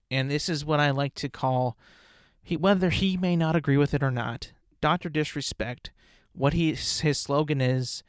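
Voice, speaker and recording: A man's voice: medium pitch, no room sound, studio quality. A young man hosting his own podcast, ranting bluntly and profanely with lots of restarts and tangents. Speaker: podcast host. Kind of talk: casual solo podcast rant.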